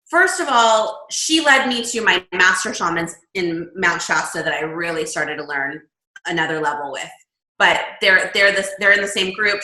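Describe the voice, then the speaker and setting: A woman guest describing her path into shamanic healing in lively, animated conversation. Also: on the low side, echoey room, low-quality recording. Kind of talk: casual storytelling chat.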